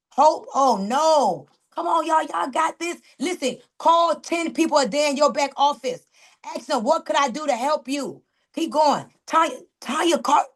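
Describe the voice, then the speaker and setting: A woman network marketing coach leading a motivational training call, calling out team members by name with an animated, preachy manner. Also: sits high.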